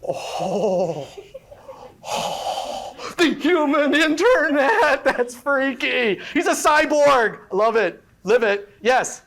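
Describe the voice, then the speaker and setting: Energetic woman workshop presenter with a high voice, playful, quizzes the crowd. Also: drawn-out words. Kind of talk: interactive workshop talk to a live audience. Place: live event before an audience.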